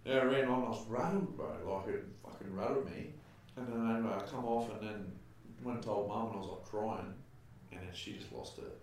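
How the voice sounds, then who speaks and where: A young man talks as a podcast guest, rambling and restarting as he tells stories in plenty of slang. His voice sits fairly low. He is picked up from a distance, in a very echoey room. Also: a little mellow, a little hiss or hum. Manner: rambling, halting storytelling with slang. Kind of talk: casual chat. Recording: roomy echo, mic at a distance.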